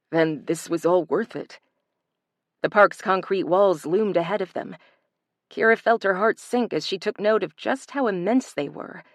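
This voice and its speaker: A woman narrating a thriller audiobook in an even, measured reading style. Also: fairly low pitch, dry recording, clean studio sound. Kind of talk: scripted narration.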